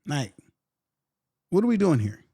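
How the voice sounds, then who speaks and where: A man talks through his podcast in a loose, blunt way. He circles back and repeats his points, and sometimes slips into quick mocking voices. His voice sits a little high and has a warm, mellow tone. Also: sing-song, breathy edge. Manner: repetitive, blunt, mocks others with quick voices. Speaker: podcast host. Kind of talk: casual commentary.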